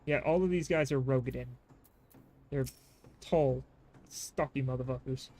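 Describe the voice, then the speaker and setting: A man's voice: medium pitch, measured pace, mellow, a little hiss or hum. A man streaming a game, chatting casually and joking at his own expense while he reads dialogue aloud. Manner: self-deprecating, swears casually.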